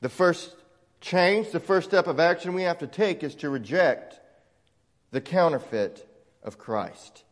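Man, Southern American accent, pastor preaching, high voice, slow deliberate delivery, long church reverb. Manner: emphatic preaching, voicing imagined objectors. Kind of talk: sermon. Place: church sanctuary.

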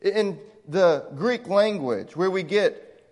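A man's voice: high voice, lively intonation, slow pace, darkish tone. A man with a Southern American accent, preaching an emphatic sermon as a pastor. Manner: emphatic preaching, voicing imagined objectors. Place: church sanctuary. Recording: long church reverb.

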